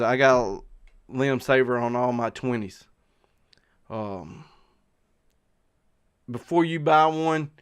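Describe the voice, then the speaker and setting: A man's voice: medium pitch, a bit bright, clear, resonant tone. A middle-aged man with a Southern US accent, chatting casually to viewers on a live stream and rambling with lots of fillers and restarts. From South Carolina. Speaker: outdoor channel host. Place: outdoors.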